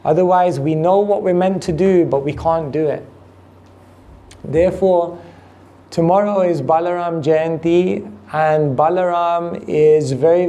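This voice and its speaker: With a slightly high, warm voice, this spiritual teacher leads a devotional class for an audience in a temple hall. He takes his time, chuckles readily, and keeps putting questions to his listeners.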